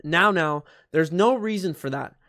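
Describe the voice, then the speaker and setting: A man's voice: a little high, measured pace, pushed and bright, no room sound, clean studio sound. A man reading as a soothing young woman. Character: dramatic young woman soothing her boyfriend.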